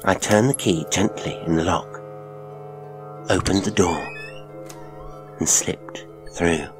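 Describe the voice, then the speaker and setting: A man narrating a Victorian story in a measured, grave and deliberate way. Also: low-pitched, music in the background. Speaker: audiobook narrator.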